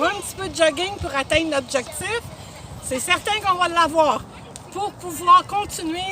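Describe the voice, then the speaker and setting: A woman's voice: very high voice, sharp tone, slight background noise. A woman from Montreal with a Quebec French accent, giving a bubbly, exclamatory message while jogging outdoors.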